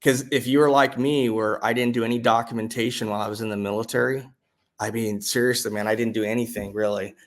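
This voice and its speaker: An American military veteran gives a casual spoken testimonial in a medium-pitched voice. He speaks haltingly, with many restarts and fillers, and his voice jumps up excitedly whenever he retells what was said.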